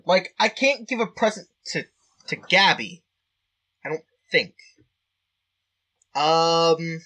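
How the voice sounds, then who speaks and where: A man plays through a text game, reading it out and thinking aloud in a chatty, easily amused way. His voice is fairly high and bright, with a very lively, swinging pitch. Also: slow pace. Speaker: game player. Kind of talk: let's-play commentary and reading game text.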